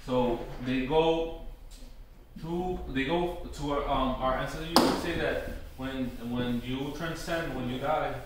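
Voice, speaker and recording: Man, informal workshop talk, halting with lots of fillers, big echoey room, mic far off. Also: mid-range voice, noisy background. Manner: hesitant, full of "um" and "you know", often restarts; slows down to spell out words. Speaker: workshop presenter on Taíno tradition. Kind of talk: informal teaching talk to a live group.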